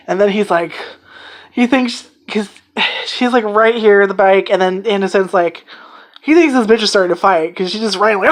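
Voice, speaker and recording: Excitable, swearing woman reviewing anime. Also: medium pitch, moderate pace. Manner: excited, swears a lot, rambling retelling. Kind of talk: casual spoken review.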